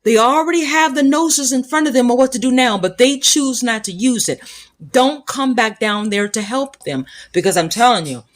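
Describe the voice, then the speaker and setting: A woman's voice: a little high, normal speed. A woman hosting a spiritual podcast, speaking in a scornful, preachy monologue with emphatic repetition and a Black lilt. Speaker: podcast host.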